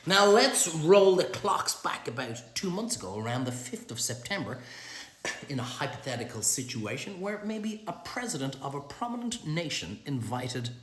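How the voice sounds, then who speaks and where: A middle-aged Irish man rants animatedly through a sarcastic, sweary monologue, his pitch jumping all over the place. His voice echoes around the room. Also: very animated, moderate pace, a bit bright. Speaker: vlogger. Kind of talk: ranting monologue. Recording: roomy echo.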